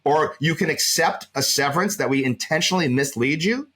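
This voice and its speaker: A man speaking as a guest employment advisor in a podcast conversation, emphatic and quick to repeat words when worked up. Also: a little high, fairly bright tone, husky.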